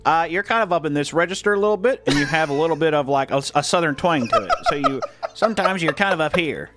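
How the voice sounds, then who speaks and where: A man's voice: fairly high pitch, animated, fast, over music. A man co-hosting a comedy podcast, wry and self-deprecating, often laughing as he talks. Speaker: podcast co-host. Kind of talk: casual comedic chat.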